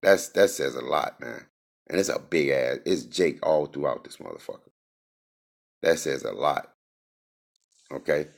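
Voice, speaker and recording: Very deep gravelly man ranting. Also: expressive, unhurried, pauses often. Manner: profane, rambling, heated. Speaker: host. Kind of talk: casual venting monologue. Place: Indianapolis.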